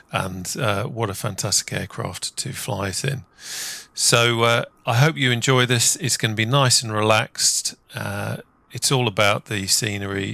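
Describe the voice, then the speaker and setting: Gravelly, bright-toned man. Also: fairly low pitch, no echo. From England. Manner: relaxed, chatty, lots of "uh" fillers. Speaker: flight simulator video host. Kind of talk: casual gameplay commentary.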